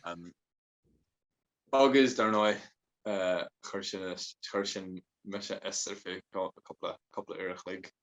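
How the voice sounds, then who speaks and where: Low-voiced man telling rambling stories. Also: steady tone, normal speed, dull audio. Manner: rambling, switches between Irish and English, laughs often. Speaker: podcast guest. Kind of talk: casual storytelling chat.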